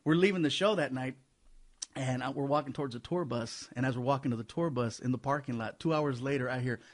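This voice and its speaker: A man, a comedian being interviewed, telling stories in an animated, fast-talking way. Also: mid-range voice. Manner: animated, fast-talking storyteller with lots of laughs. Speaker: comedian guest. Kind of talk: storytelling interview.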